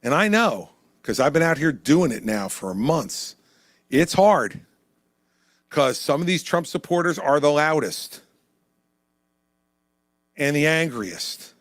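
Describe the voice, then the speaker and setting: Speaking as a presidential candidate at an indoor town hall, a man delivers a stump speech and takes Q&A in a punchy, conversational style, repeating lines for emphasis. His voice is a little high and very animated, and he speaks slowly with frequent pauses. The sound is clean, like a studio.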